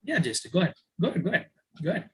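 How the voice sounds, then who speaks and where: A man's voice: high-pitched, big pitch swings, racing, a bit bright, rough recording. A man teaching an online yoga class who repeats his key phrases, uses many fillers and calls on his students by name.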